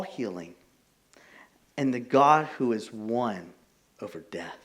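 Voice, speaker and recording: A man's voice: medium pitch, takes it slowly. A young adult man preaching a casual, conversational sermon as pastor, telling stories with plenty of filler words. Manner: animated storytelling, many fillers like "like".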